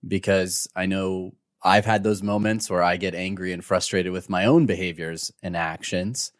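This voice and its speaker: A man's voice: low-pitched, fairly even intonation, normal speed, dry recording, clean studio sound. A man hosting a podcast who asks reflective questions drawn from his own experience. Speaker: podcast host. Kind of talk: podcast interview.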